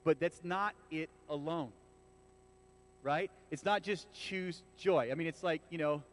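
High-voiced pastor preaching casually. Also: male voice, measured pace. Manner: casual and animated, with frequent restarts and asides to the congregation. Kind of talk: conversational sermon. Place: church.

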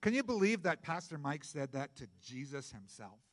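A middle-aged male pastor preaching a sermon in a conversational, jokey way, jumping from loud bursts to soft asides. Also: on the high side, big pitch swings, moderate pace, long reverb tail.

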